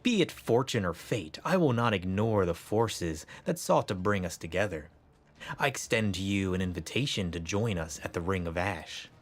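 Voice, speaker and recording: A man voicing a solemn male rebel tribal leader from a game, reading the lines slowly and formally. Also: deep voice, lively intonation.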